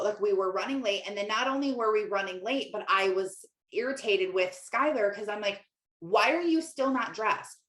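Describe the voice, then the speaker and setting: A young woman talks through her week in a loose, candid monologue, dropping "like" again and again as she coaches her listeners. Her voice sits at an ordinary middle pitch. The room around her rings with a noticeable echo. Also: fairly bright tone. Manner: candid, chatty, full of "like" fillers. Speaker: Christian life coach and podcast host. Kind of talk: casual podcast monologue. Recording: echoey room.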